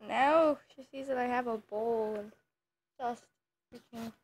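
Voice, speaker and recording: A woman chats casually to the camera as she teases her pet. Her voice sits a little high and carries a gravelly fry. She talks slowly, in a playful, teasing way. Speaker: vlogger filming her dog. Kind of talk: casual chat.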